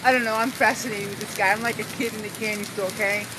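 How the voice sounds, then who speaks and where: A woman's voice: medium pitch, steady tone, fast. A woman filming a thunderstorm from an outdoor balcony on her phone, gasping and exclaiming, shrieking when strikes land close. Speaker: person filming a storm. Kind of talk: excited live commentary. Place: eighth-floor balcony outdoors in a storm. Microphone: phone held in hands. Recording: loud rain noise on a phone mic.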